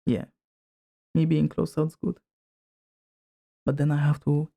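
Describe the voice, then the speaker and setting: A man's voice: fairly high pitch, completely flat delivery, takes it slowly, gravelly, long pauses, dark tone. A male streamer chatting casually while testing his desk microphone, rambling with lots of fillers and drifting closer to and farther from the mic. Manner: rambling, filler-heavy, moves toward and away from the mic. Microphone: desk microphone, distance shifting.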